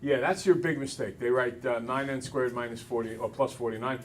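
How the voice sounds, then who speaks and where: A man teaching a math class, brisk and teasing, talking to students in a classroom. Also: mid-range voice, steady tone, far from the mic, slight background noise.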